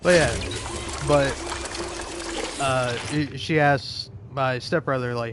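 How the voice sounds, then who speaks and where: A man's voice: mid-range voice, fairly even intonation, takes it slowly, long pauses, noisy background. A young man casually telling a rambling story while playing a game, often restarting his sentences, laughing and swearing. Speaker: gaming video creator.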